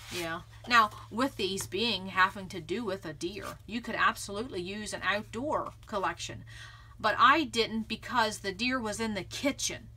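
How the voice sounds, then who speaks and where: Bright chatty woman crafting at home. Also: medium pitch. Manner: chatty, thinks aloud, laughs often. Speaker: scrapbooking channel host. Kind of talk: casual crafting chat.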